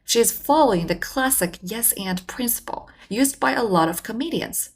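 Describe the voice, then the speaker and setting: Woman explaining in measured voice-over. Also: a little high, expressive, breathy edge. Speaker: communication channel host. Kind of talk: scripted voice-over narration.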